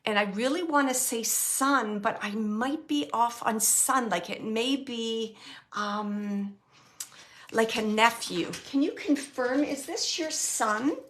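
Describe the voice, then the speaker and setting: Searching, soft-spoken woman medium. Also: a little high. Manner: halting and searching, with soft whispered asides and brief laughs. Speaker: medium giving a reading. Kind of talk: live mediumship reading to an audience member.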